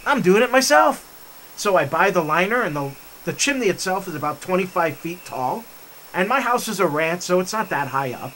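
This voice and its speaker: Enthusiastic male vlog storyteller, high bright voice, faint outdoor background. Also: expressive, fairly quick, slight background noise. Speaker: vlog host. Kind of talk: storytelling while hiking. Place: forest trail outdoors.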